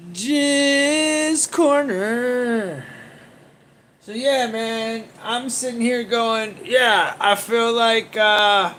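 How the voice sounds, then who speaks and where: A man's voice: sits high, bright, forceful tone, slight background noise. A man hosting a casual livestream, rambling and swearing as he reacts to viewer comments and laughs often. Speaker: livestream host.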